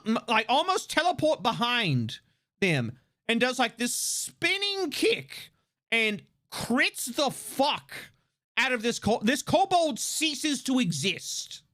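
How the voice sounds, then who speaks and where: A streamer chatting casually on a livestream, rambling with lots of fillers and restarts, excitable and laughing often. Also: mid-range voice.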